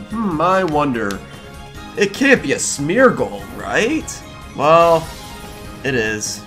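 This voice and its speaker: A young man with a fairly high, slightly bright voice hosts a very animated let's play. He comments as he plays, speaks directly to the on-screen characters, and throws out quick exclamations over faint music.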